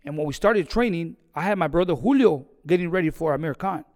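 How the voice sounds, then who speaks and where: A boxing trainer telling a story in an interview, animated and acting out the conversations he recalls. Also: on the high side, fairly quick, in a large hall.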